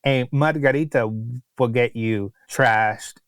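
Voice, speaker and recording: A man's voice: medium pitch, slow pace, smooth, dry recording. A man co-hosting a podcast and telling a long restaurant story in casual chat, with exasperated asides. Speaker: podcast co-host, restaurant critic.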